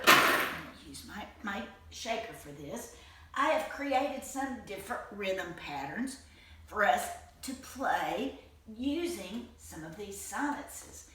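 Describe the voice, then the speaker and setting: A woman teaching a children's music lesson, encouraging and chanting rhythm syllables in a home room with tile floors. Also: medium pitch. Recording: roomy far-off home recording, loud noise.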